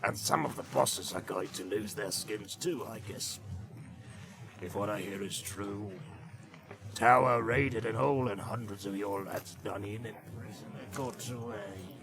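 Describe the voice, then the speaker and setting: A man's voice: fairly low pitch, gravelly. A man voicing a small, sullen male orc tracker in an audiobook, muttering and snarling his complaints. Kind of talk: audiobook character voice.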